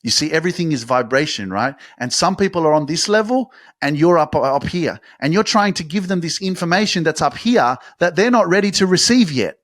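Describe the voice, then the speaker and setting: Animated male motivational speaker. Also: a little high, fairly quick, few pauses, dry recording, studio quality. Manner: animated, acts out excited quotes, casual swearing. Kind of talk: motivational monologue.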